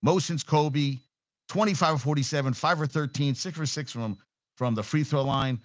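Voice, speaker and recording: A man's voice: on the high side, normal speed, dry recording. Profane, blunt man ranting about sports. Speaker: sports talk host. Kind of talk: casual sports rant.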